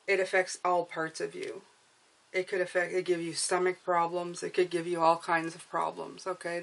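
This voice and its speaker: Woman tarot reader, earnest and coaxing, voice a little low, repeats check-ins. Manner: earnest, repeats "okay?" and "you guys"; emotional, coaxing. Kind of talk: spiritual tarot reading to camera.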